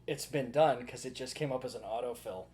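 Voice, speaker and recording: A man's voice: mid-range voice, brisk, a little mellow. A man co-hosting a podcast in casual chat, making dry, wry asides and often trailing off mid-sentence. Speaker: podcast co-host.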